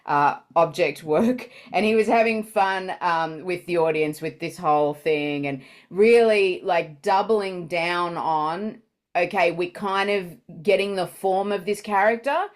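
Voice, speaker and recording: A woman's voice: on the low side, a little slow. A woman improviser chatting through commentary on her show, giving tips with lots of fillers. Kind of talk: casual reaction commentary.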